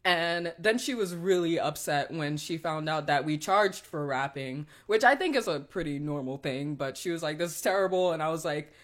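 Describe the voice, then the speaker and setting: A woman's voice: deep voice, normal speed, few pauses. A young woman in a casual chat, telling work stories in a rambling way, full of fillers and giggles.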